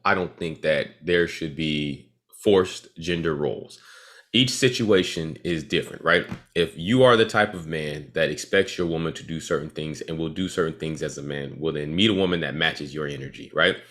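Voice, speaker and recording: Real deep guy hosting a podcast, chill, retells stuff doing the quotes. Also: normal speed, a bit bright. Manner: laid-back, retells stories with quoted voices. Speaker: podcast host. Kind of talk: casual chat.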